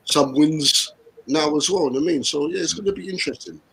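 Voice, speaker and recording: A man chatting about football on a podcast, animated and playful, laughing often. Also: on the high side, fast talker, slightly rough, poor audio. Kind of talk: casual football chat.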